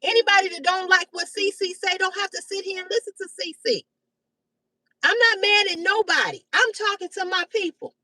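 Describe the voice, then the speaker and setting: A woman in her fifties hosting a live stream, talking bluntly and loudly with heavy cursing. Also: extremely high pitch, a little fast, dry recording, recorded from a distance, poor audio. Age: 50s. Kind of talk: profane casual live-stream rant. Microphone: phone or webcam on a live stream.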